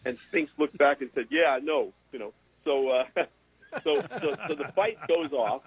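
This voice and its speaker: An older man, a sports broadcaster and guest, telling animated stories in a casual interview and repeating words as he goes. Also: medium pitch, normal speed, breathy edge, no room sound. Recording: dry, tinny phone-like sound.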